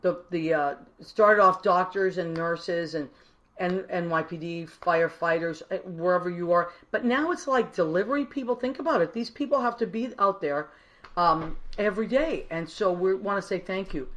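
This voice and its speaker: A woman musician hosting a live online show, chatting warmly and effusively and greeting viewers by name. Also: lowish voice, moderate pace, dull audio. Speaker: online radio show host. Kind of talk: casual live-stream chat.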